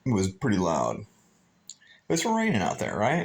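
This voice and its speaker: A man's voice: on the low side, wildly swooping pitch, moderate pace, creaky, long pauses. A man on a pilgrimage talking to his phone camera in a hotel room, rambling and emotional as he thinks aloud. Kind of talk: rambling vlog monologue.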